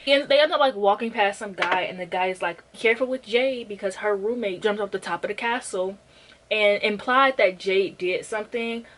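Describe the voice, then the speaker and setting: A woman's voice: mid-range voice, low-quality recording. A young woman giving a casual rant review of a book, blunt and sarcastic and swearing freely.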